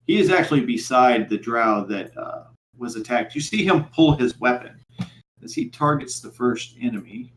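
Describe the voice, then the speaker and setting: A man narrating as game master for a tabletop game, in a halting style full of fillers. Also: mid-range voice, animated, fairly bright tone, roomy sound, a little hiss or hum.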